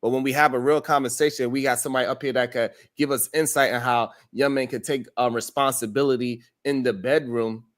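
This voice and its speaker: A man running a live-stream panel talks bluntly and firmly to a guest who keeps derailing it. His pitch sits in the middle range. He swears as he calls the guest out. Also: fairly even intonation, brisk, hardly any pauses. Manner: blunt, scolding. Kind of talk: heated live-stream debate.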